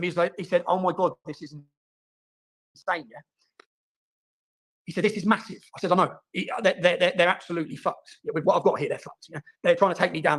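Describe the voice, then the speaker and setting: A man telling his own story, fast and emphatic, often repeating words and asking "yeah?". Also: sits high, a bit bright. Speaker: interviewee in played clip. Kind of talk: animated personal storytelling.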